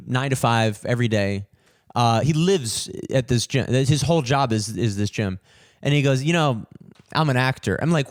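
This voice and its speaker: A young man hosting a podcast, telling a story in an animated, swearing rant and mimicking people in higher voices. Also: no room sound, clean studio sound. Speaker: podcast host, comedian.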